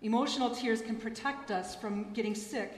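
A woman pastor and chaplain giving a gentle, earnest sermon after a gospel reading in a church. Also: a little high, normal speed, a little hiss or hum. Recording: echoey church hall.

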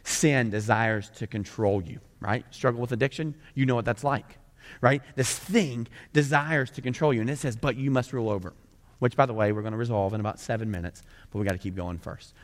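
A man's voice: fairly low pitch, brisk, in a large hall. A male pastor preaching a sermon in a church, conversational and full of rhetorical questions. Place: church sanctuary.

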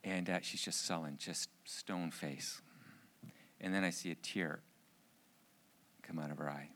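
A middle-aged man telling a personal story in a sermon, an animated storyteller with jokey asides. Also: low-pitched, measured pace. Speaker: speaker.

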